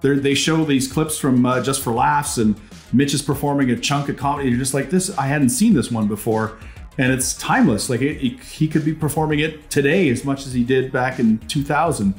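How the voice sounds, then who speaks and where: A man's voice: medium pitch, fairly quick. Canadian guy host, rambly chat, lots of laughs, roomy echo w/ faint music behind. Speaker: podcast host. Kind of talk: casual chat.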